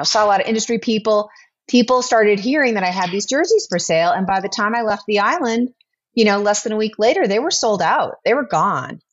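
A woman in her forties, a business owner and guest, telling her story in a chatty, animated way and acting out quotes. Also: medium pitch, muffled recording. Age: 40s. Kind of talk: casual storytelling interview.

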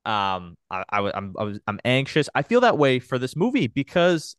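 A man's voice: mid-range voice, wildly swooping pitch, moderate pace, fairly bright tone, dry recording, studio quality. A man hosting a casual podcast chat, enthusiastic and rambling, full of fillers and restarts. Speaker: podcast host.

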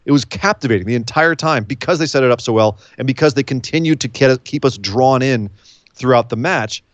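A man co-hosting a casual talk show, recapping events in an animated storytelling way. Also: mid-range voice, brisk, dry recording. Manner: animated storytelling, acts out quotes. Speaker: podcast co-host. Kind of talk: casual wrestling recap chat.

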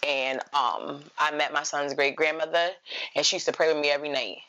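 A woman calmly telling how her journey with faith began, in a casual chat. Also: low-pitched, a little fast. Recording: slightly dull, muffled sound.

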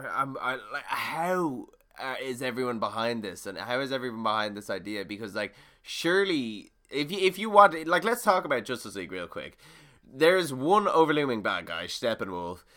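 A man thinking aloud about films on a casual podcast. His voice is bright and his pitch moves a lot. He rambles through his points with many fillers. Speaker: podcast co-host. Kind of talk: casual chat.

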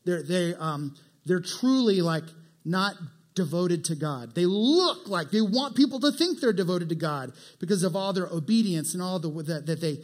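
Animated high-voiced male preacher. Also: moderate pace. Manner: animated, asks the crowd questions. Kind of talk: conversational sermon.

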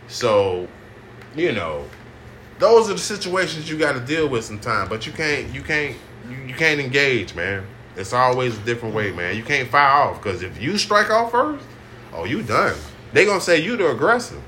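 Animated young man chatting loosely. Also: medium pitch, normal speed, slight background noise. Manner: loose, animated storytelling with slang and laughs. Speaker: podcast host. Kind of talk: casual chat.

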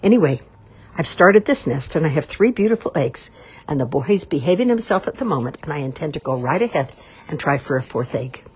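Storybook read-aloud: a soothing, sensible swan wife, done by a woman, raspy low voice. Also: animated, fairly quick, a little mellow, heavily acted. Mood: reasoning. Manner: level-headed, soothing. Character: calm, sensible female swan sitting on her nest.

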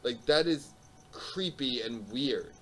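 A man's voice: mid-range voice, expressive, slow, slight background noise, poor audio. A man from the United States hosting a casual podcast chat, blunt and opinionated, swearing freely. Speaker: podcast host.

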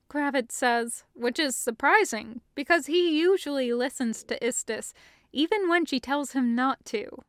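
A woman narrating a fan-fiction story as an audiobook reading, in a steady, even storytelling manner. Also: high-pitched, measured pace, no echo, studio quality.

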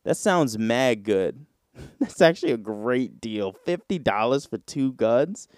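A man's voice: mid-range voice, very animated, takes it slowly, darkish tone, no room sound, clean studio sound. A man hosting a solo podcast, talking loosely and casually with lots of slang. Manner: loose, slangy, rambling with frequent "bro". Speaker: podcast host.

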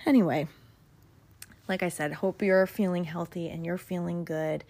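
Chatty woman with a lowish voice. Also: steady tone, moderate pace, a little mellow. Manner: candid, chatty, self-deprecating. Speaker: podcast host. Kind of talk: casual reflective podcast monologue.

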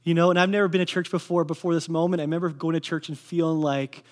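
Young Canadian man, slightly high voice, casual earnest testimony sermon. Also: flat delivery, fast, a little mellow. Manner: casual, earnest storytelling with fillers.

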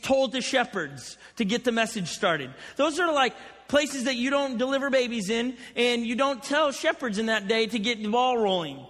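A man with a very high, bright voice preaches a sermon, rambling through joking personal stories. His voice rings out in a large hall with a long reverb tail. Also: lively intonation, moderate pace. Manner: chatty, joking storyteller. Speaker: pastor.

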